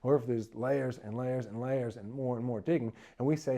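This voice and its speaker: A middle-aged man gives quick-fire advice on business deals. His voice is mellow and relaxed. He hammers points home with repeated lists and little acted-out quotes from buyers. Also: medium pitch. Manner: emphatic, repetitive lists, acts out buyers' quotes. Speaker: M&A advisor. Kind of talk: talking-head business advice.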